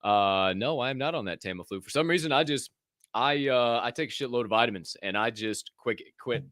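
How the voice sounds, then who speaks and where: A man's voice: medium pitch, fairly quick, dry recording, studio quality. Rambling, profane young man hosting a live stream. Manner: rambling, profane, jokey and excitable. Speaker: podcast host. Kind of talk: casual live-stream chat.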